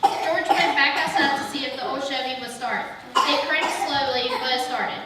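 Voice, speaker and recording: A woman's voice: sits high, steady tone, normal speed, sharp tone. A woman reading a Christmas story aloud in a church, with small slips she corrects as she goes. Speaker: reader. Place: church sanctuary. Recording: echoey hall from far off, faint hiss.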